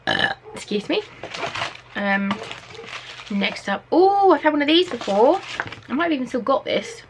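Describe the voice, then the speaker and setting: A young English woman from Norfolk chatting excitedly on camera at home, reading out product blurbs as she unboxes them. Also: high-pitched, a little slow, noisy background. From Norfolk, England. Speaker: beauty vlogger. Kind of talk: casual unboxing chat. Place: at home, indoors.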